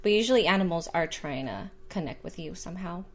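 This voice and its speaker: A woman's voice: on the low side, lively intonation, quick pace, crowd noise. A woman co-hosting a podcast in casual chat, offering advice on spirit guides and signs. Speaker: podcast co-host.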